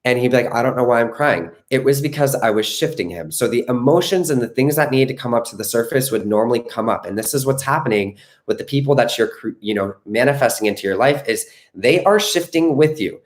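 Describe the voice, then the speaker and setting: Male coach, mid pitch, earnest reassuring live-stream delivery, frequent "okay?" check-ins. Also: expressive, brisk, few pauses. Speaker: manifestation coach.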